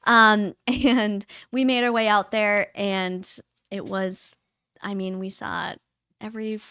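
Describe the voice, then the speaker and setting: A young woman, a guest on a podcast, chatting casually with halting pauses and restarts. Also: medium pitch, flat delivery, a bit bright, clear, resonant tone, no echo. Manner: halting, many fillers and restarts, laughs easily. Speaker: guest, neonatal nurse. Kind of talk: casual interview chat.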